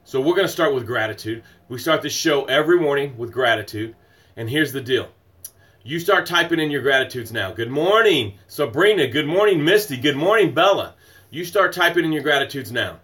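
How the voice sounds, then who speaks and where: A man's voice: mid-range voice, animated, fairly quick. A man hosting a morning motivational livestream, emphatic and repetitive, greeting viewers by name and guiding breathing exercises. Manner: swings from loud exclamations to soft breathing guidance. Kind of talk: motivational live stream talk.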